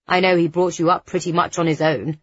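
A woman voicing a calm, frank young man who keeps pressing his point in reasonable tones, read as an audiobook character. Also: on the low side, normal speed, husky, no echo. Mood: steady, persuasive. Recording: dull, dry studio recording.

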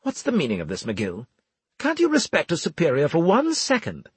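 A man voicing a snooty, easily ruffled male officer who talks in a huffy, hissing way, much higher than his own voice, in an audiobook. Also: huge pitch swings, normal speed, husky, no room sound, heavily acted. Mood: indignant. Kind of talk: audiobook character reading.

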